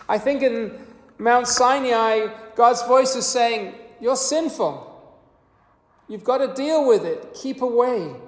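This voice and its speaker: A preacher giving a sermon in a measured, earnest teaching manner, with a few small restarts. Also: mid-range voice, a little mellow. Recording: echoey hall with long reverb.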